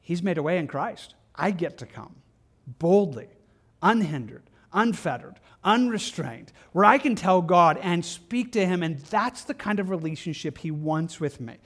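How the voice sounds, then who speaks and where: A man preaching a conversational sermon as pastor, acting out hurried prayers with quick repeated phrases. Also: sits high.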